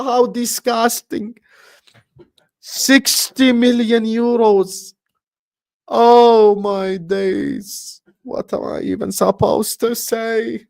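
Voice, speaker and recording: A man's voice: very high voice, fairly even intonation, extremely slow, gravelly, darkish tone. A young man hosting a football live stream, ranting in exasperation, repeating himself and swearing.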